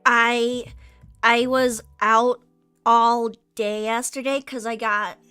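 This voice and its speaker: A woman's voice: a little high, flat delivery, slow, sharp tone, clean tone, dry recording, faint music behind. A young woman streamer chatting casually while she draws, rambling with restarts and casual swearing, just over being sick. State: recovering from illness. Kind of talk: casual chat while drawing.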